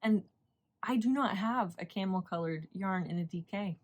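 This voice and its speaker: A woman's voice: medium pitch, moderate pace. A woman hosting a knitting podcast in casual chat, rambling and chatty and laughing often.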